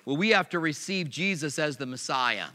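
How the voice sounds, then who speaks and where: A pastor preaching a sermon, animated, with sharp swings in pitch and loudness. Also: male voice, normal speed, long reverb tail.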